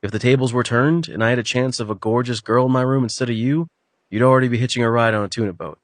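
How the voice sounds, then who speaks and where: A man's voice: mid-range voice, steady tone, quick pace, no room sound, natural voice. A male narrator voicing an earnest, determined young man who speaks in an eager, persuasive way, in an audiobook. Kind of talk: audiobook character voice.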